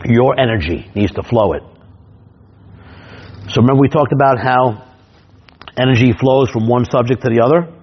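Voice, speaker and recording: A man who works as a stage hypnotist teaches his craft and tells comic stories from the stage, animated and full of quick restarts. His voice is somewhat husky at a middle pitch. The recording is dull and lo-fi.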